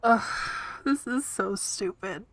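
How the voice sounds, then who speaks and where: A woman streaming a video game, chatting casually with her viewers in an exasperated, teasing way and quick to laugh. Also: medium pitch.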